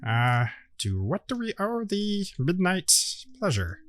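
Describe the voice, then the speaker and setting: A man's voice: sits high, huge pitch swings, takes it slowly, voice pushed up, heavily acted. A man doing a boastful little gnome adventurer. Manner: pompous, self-important.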